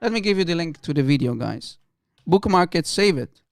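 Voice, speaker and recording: A man's voice: fairly high pitch, expressive, brisk, dry recording, clean studio sound. A man hosting a livestream, giving heated, sneering commentary on a clip and laughing often. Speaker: livestream host.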